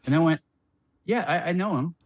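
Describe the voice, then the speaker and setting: A middle-aged man, a former player as podcast guest, telling a story in a rambling, animated way with many restarts. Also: a little high, a little fast, dry recording.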